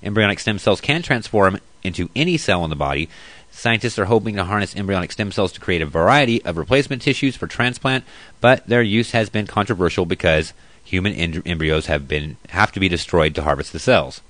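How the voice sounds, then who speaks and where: A man's voice: low-pitched, lively intonation, brisk, a bit bright, no echo. A man hosting a casual commentary show who reads news aloud and then rants about it, profane and blunt. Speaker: host.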